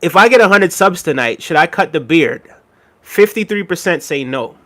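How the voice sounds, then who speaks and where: A slightly high voice with lively intonation, bright and forceful, comes from a man speaking at normal speed. He's streaming live in casual chat, wandering from topic to topic, often laughing, talking right to his audience and reading out the chat.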